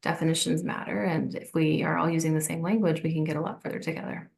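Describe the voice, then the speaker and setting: A woman's voice: deep voice, fairly even intonation, fast talker, creaky. A woman in her forties, a physician and podcast guest, telling a personal story in a reflective, conversational way.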